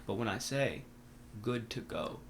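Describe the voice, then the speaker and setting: A young man with a fairly low voice tells stories in a lively, slangy rush, swearing freely as he goes. His talk is loose and animated, like casual podcast chatter. A faint hiss of noise sits under the recording. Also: unhurried, creaky. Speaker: podcast guest. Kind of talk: casual conversation.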